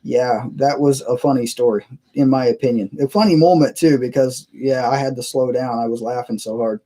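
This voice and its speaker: A man's voice: medium pitch, normal speed, mellow. A man hosting a casual live stream from his computer, rambling and chuckling as he reads viewers' messages aloud. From United States. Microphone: cheap webcam mic.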